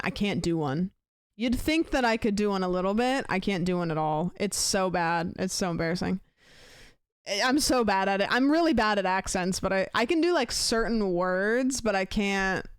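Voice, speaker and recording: A woman live-streamer talks casually to her chat, wandering through her thoughts with plenty of fillers and restarts. Her voice is mid-pitched and smooth. The sound is close and dry, with no room echo. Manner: rambling, thinks aloud with many fillers. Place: home room.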